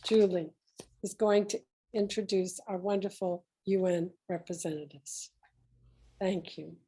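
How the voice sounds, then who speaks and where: A woman's voice: fairly low pitch, fairly even intonation, unhurried, dark tone, husky, poor audio. Woman moderator reading an introduction. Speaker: event moderator.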